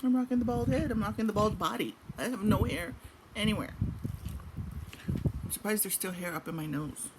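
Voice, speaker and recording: A woman's voice: medium pitch, moderate pace, long pauses. Rambling chatty woman vlogger. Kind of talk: casual chat. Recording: noisy home recording.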